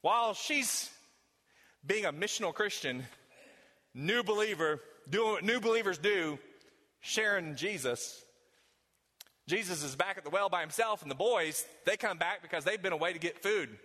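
A man preaching a sermon in a large church hall, swinging between loud emphasis and hushed tones. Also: sits high, animated, moderate pace. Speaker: pastor. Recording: long hall reverb.

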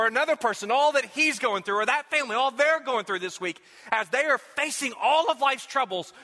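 A man's voice: sits high, sharp tone, in a large hall. A man preaching a sermon as pastor, talking conversationally and posing many rhetorical questions to his congregation. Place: church sanctuary.

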